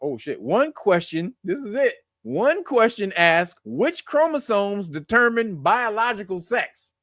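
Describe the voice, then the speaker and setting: Animated, profane man reading news. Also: high voice, unhurried, no room sound, studio quality. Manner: profane, laughing, mocking asides between read headlines. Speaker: show host reading news. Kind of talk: casual news commentary.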